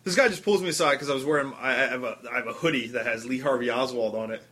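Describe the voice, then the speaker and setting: A man's voice: medium pitch, racing, a bit bright. A male podcast host telling a story in a crude, rambling way, often laughing. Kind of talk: casual profane storytelling.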